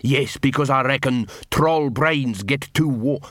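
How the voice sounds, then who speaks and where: A man's voice: mid-range voice, measured pace, no room sound, studio quality, lightly acted. A man voicing an eager young male dwarf recruit explaining his gadget in a storybook reading.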